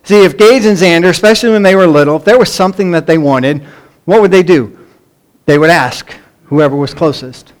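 Middle-aged male pastor with a high voice, animated sermon storytelling, imitates kids. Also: moderate pace. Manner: animated storytelling, acts out pleading children in a raised voice.

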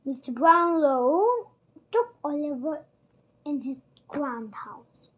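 A child narrating a storybook aloud, reading slowly and carefully. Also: sits high, big pitch swings.

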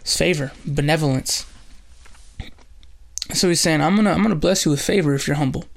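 A man's voice: fairly high pitch, brisk, vocal fry. A man hosting a bible study, teaching earnestly through scripture as a preacher. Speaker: pastor and host.

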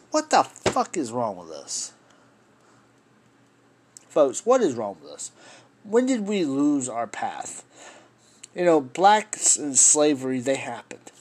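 A man delivers a solo podcast rant with a husky, slightly breathy voice. His pitch swings widely as he rambles, swears and keeps appealing to his listeners directly. He sits in the middle range for a man. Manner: impassioned, rambling, swears, addresses listeners as folks. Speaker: podcast host.

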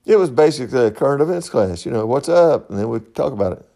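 A man's voice: medium pitch, lively intonation, quick pace, gravelly, dark tone. A middle-aged man, hosting a podcast in a rambling, folksy monologue and laughing at his own stories. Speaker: podcast host.

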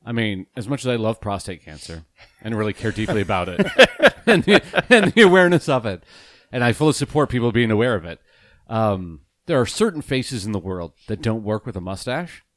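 Lively, sarcastic male podcast co-host. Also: lowish voice, moderate pace, no room sound, studio quality. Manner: joking, sarcastic, animated. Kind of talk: casual chat.

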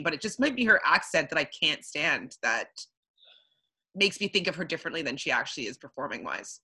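A bright, clear-toned young woman from Canada chatting casually as a podcast co-host. She talks loosely and rambles with plenty of ums and likes, laughing easily. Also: sits low, sing-song, brisk. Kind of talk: casual chat recapping a reality show.

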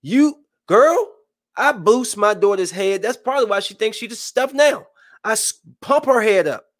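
A man in his thirties giving casual, joking live-stream commentary, swinging between loud bursts and hushed asides. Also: sits high, expressive, moderate pace. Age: 30s.

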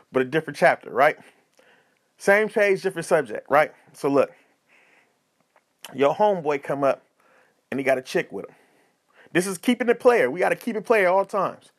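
A high-voiced man hosting a podcast, talking in a casual comedic advice style. His delivery is animated and preachy, full of slang and repeated phrases. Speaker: podcast host.

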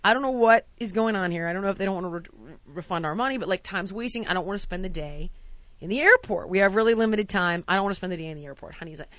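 A woman's voice: rapid-fire, no echo, dull audio. A woman hosting a casual talk show, telling a travel mishap story and acting out every quote with big swings of voice. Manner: animated, acts out quotes with big pitch jumps and shouts. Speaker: podcast host.

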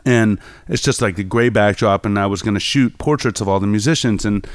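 A New York photographer appears as a guest, speaking in a lowish voice at a fairly quick pace. The studio sound is clean with no room sound as he tells rambling anecdotes, full of fillers, in a casual storytelling interview.

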